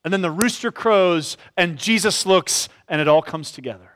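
A man preaching an expository sermon in a church. He talks reflectively and often softens his points with "sort of.". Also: high-pitched, moderate pace. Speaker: pastor.

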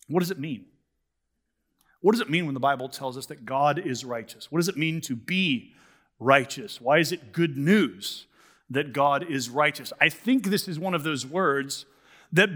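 A male pastor preaching a sermon in a church, in a casual, conversational way full of "like" and "sort of". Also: on the high side. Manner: conversational, animated, many "like" and "sort of". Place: church sanctuary.

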